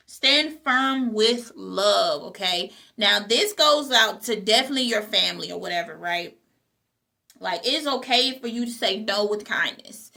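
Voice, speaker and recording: A woman's voice: mid-range voice, lively intonation, measured pace, vocal fry, sharp tone. A woman hosting a motivational talk, speaking, repeating her key phrases and checking in with "okay?". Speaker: host.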